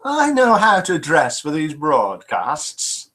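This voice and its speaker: A man's voice: on the high side, huge pitch swings, takes it slowly, a bit bright. An older man hosting a live web show, chatting casually and reading viewers' comments aloud with self-mocking humour.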